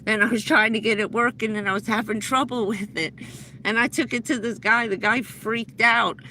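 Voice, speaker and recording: A middle-aged woman with a bright, clear voice spins a long story on her livestream, stumbling and restarting as she goes. A faint vehicle hum runs underneath. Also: fairly high pitch, steady tone, normal speed, low-quality recording. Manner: rambling, breathless anecdote with many restarts. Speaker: livestream host. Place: inside a vehicle.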